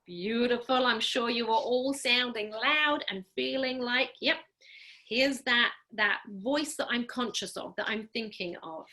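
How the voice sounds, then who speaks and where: Bright, encouraging woman speech therapist. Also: fairly high pitch. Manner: upbeat, encouraging, coaching a group; clear, deliberate, instructive delivery. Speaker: speech-language pathologist. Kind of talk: online class leading voice exercises. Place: home, during a live online program.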